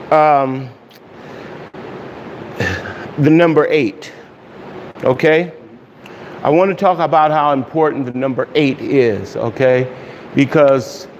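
A man serving as pastor, leading a casual online Bible study and prayer, greeting viewers with loose pauses and fillers. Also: fairly high pitch. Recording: dull hall echo with faint hiss.

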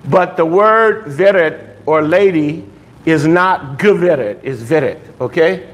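Slow and a little high-pitched, a man leads a language class, explaining things patiently and stopping often to ask "okay?" so students keep up. The audio quality is poor.

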